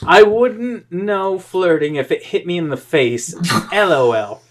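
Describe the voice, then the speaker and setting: A tipsy co-host reads posts aloud slowly and deliberately at a mid pitch, stretching out the words. The tone is relaxed and teasing. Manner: slow, drawn-out reading, dry teasing. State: tipsy from drinking. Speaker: podcast co-host. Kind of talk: casual reading and banter.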